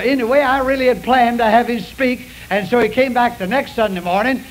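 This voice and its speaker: A man's voice: high-pitched, poor audio. A man preaching a sermon in a folksy, confessional way with a drawl, telling stories to his congregation. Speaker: pastor. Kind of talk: sermon with storytelling. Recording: hissy old radio broadcast.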